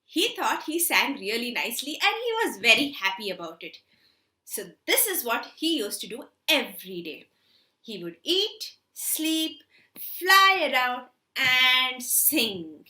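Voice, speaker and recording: A woman teacher telling a story to children in an expressive, animated way, asking them questions. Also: fairly high pitch, reverberant. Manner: expressive, slow and animated, with many questions to kids.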